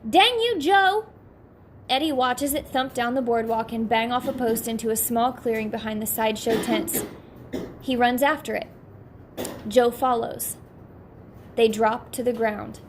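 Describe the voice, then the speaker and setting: A woman narrating an audiobook in a steady, clear storytelling voice. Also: on the high side, normal speed, a little hiss or hum. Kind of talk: audiobook reading.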